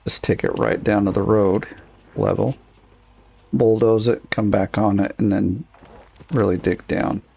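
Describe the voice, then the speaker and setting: A man talks to himself as he plays, his low voice heavy with gravel. He sounds husky and worn, like he is losing his voice, and his commentary wanders from one thought to the next. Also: level tone, unhurried, darkish tone. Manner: rambling, thinking aloud while playing. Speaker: gaming streamer. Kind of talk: casual gameplay commentary.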